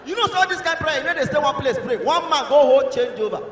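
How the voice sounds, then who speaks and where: Give me a Nigerian man doing stand-up on a stage mic, telling animated stories with a very high, bright voice. His voice is sharp, and it echoes around a big hall with a long reverb tail. A faint room hum sits underneath. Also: fast. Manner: animated storytelling, acts out voices, bursts of shouting. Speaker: stand-up comedian. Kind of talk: stand-up comedy in Pidgin and English. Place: comedy stage in a large hall. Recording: echoey hall, live show.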